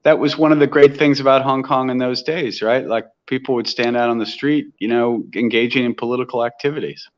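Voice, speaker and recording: A man's voice: mid-range voice, fairly even intonation, fairly quick, hardly any pauses, dull audio. An American man talking earnestly in an interview, often restarting his sentences as he builds his point. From United States. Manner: earnest, impassioned, with frequent restarts. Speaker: interview guest. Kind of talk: conversational interview.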